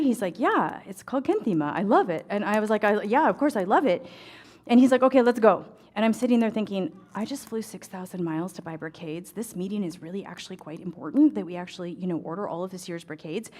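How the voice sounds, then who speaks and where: A middle-aged woman from the United States, an ecclesiastical tailor, telling a lively story to an audience and acting out the voices in her dialogue. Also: on the low side. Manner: animated, acts out dialogue, chatty fillers. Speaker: ecclesiastical tailor and embroidery speaker.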